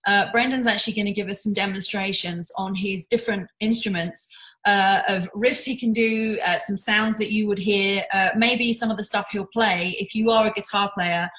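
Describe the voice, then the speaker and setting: A woman's voice: mid-range voice, fairly even intonation, moderate pace, a bit bright, rough recording. Woman interviewer, mid-range voice, chatty with lots of ums and restarts, video call audio.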